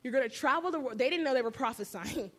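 A woman's voice: high voice, lively intonation, quick pace, fairly bright tone. A young woman giving an emotional personal faith testimony, telling her story animatedly with many fillers. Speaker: testimony speaker.

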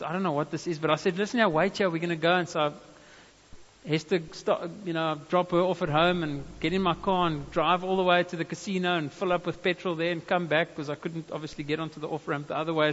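South African preacher in a reverberant hall. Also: male voice, a little high, fairly bright tone. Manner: storytelling preacher, casual asides and "amen" calls. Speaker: pastor. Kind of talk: sermon. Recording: dull reverberant hall sound.

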